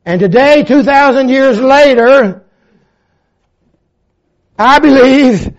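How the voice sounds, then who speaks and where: A man of seventy-four preaching a sermon with fervor, swinging from loud emphasis to hushed reflection and quoting old-fashioned scripture. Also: extremely high pitch, animated, a little slow. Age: 70s. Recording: dull lo-fi recording.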